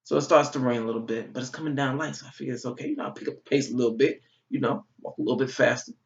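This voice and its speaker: A young man from Georgia in his twenties, telling a funny story in a vlog, animated and full of swearing. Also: medium pitch, rapid-fire, vocal fry. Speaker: vlogger. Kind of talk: comic storytelling. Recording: dull, slightly distant recording.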